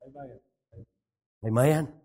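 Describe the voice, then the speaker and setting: A man preaching a sermon, shouting lines and dropping low, with frequent amens. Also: takes it slowly.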